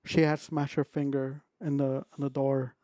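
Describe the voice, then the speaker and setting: A man's voice: medium pitch, little pitch movement, moderate pace, warm tone, no room sound, clean studio sound. A young man, a podcast co-host, telling a family story in a rambling casual way and acting out what people said. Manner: rambling, acts out his own quotes.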